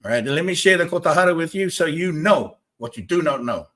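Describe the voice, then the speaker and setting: A man's voice: fairly high pitch, animated, brisk, a bit bright. Emphatic man hosting a spiritual talk show. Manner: emphatic, repetitive, argues with viewers. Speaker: host.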